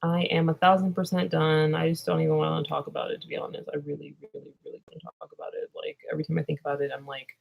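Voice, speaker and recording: A woman's voice: sits low, flat delivery, fast, gravelly, hardly any pauses, narrow, tinny audio. A young woman vlogger answering viewer questions in a rambling, drowsy way that trails off into mumbles. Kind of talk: casual livestream Q&A chat.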